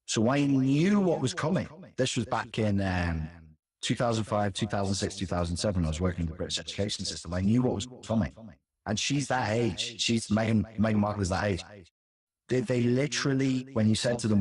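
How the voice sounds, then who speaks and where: A man's voice: lowish voice, fairly quick, a little mellow. A man in his forties, a former teacher, giving opinionated commentary in conversation, stressing points by repeating words. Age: 40s.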